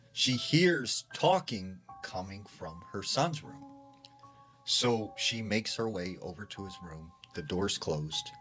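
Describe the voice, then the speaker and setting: A man's voice: low-pitched, pushed and bright. A man casually retelling a scary story secondhand, with lots of fillers.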